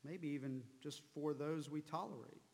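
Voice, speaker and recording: A man preaching a sermon, slow and deliberate, repeating key words for emphasis. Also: on the high side, gravelly, long reverb tail, a little hiss or hum. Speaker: pastor.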